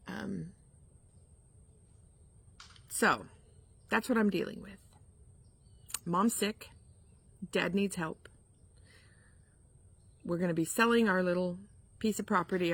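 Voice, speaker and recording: A woman's voice: lowish voice, vocal fry. A woman shop owner talking candidly to her viewers from her yard in a rambling way, with frequent ums. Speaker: spiritual shop owner and vlogger. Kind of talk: casual heartfelt chat to camera.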